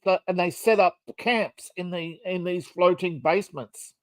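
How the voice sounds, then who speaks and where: A man's voice: high-pitched, measured pace, no echo. A man talking on a casual podcast in a dry, close-sounding room. He rambles through long explanations, stopping for fillers and restarting his sentences. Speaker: podcast co-host.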